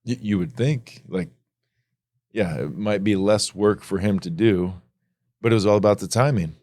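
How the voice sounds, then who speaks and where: A middle-aged man co-hosting a casual faith podcast, telling stories in a loose, animated way. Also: on the low side, normal speed, dry recording. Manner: storytelling, animated when retelling. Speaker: podcast co-host.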